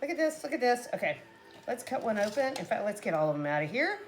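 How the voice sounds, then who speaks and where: A woman's voice: a little high, big pitch swings, fast, faint music behind. A woman casually chatting to viewers while cooking at home, talking to them as "guys" and laughing often. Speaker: cooking vlogger. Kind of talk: casual cooking chat to camera.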